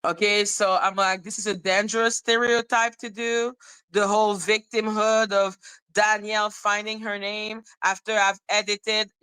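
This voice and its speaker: A woman's voice: medium pitch, bright, forceful tone, smooth, no echo, poor audio. A woman hosting a commentary channel, talking through a casual monologue in a blunt, emphatic way and swearing freely.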